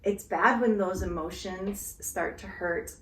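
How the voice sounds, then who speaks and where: A woman in a calm, explanatory conversation about parenting, now and then slipping into the words a parent would say to a child. Her voice sits at an ordinary middle pitch. The room around her is echoey. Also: measured pace, a little hiss or hum. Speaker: guest speaker on parenting. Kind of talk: casual conversation.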